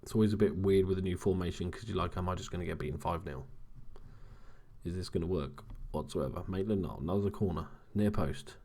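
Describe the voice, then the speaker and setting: Young male gamer, very low voice, kept quiet and casual late at night. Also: fast talker. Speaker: gaming commentator. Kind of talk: casual let's-play commentary.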